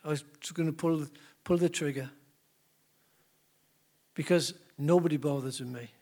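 Brief: despairing burly man, British, high voice, put on by a preacher. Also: normal speed, darkish tone. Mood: bitter.

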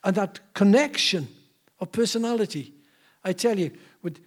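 Brief: preacher, high voice, animated storyteller, repeats himself. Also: male voice, moderate pace. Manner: animated, repetitive restarts. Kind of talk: sermon storytelling.

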